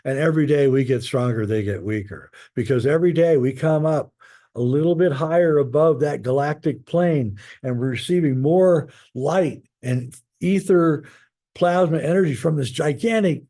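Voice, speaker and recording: A man, a guest author, talking in a rambling, casual way with many pauses and fillers while telling stories. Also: on the high side, animated, warm tone. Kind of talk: casual spoken storytelling.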